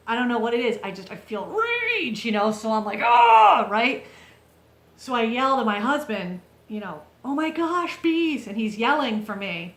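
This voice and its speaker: An animated woman vlogger tells a story straight to the camera in a chatty, lively way, often checking in with her viewers. Her voice sits fairly high. The room around her is roomy and echoey.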